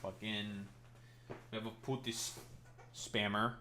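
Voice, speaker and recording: A man's voice: fairly low pitch, little pitch movement, takes it slowly, bright, forceful tone, slight background noise. A man streaming a game live, talking casually and ranting profanely at his chat.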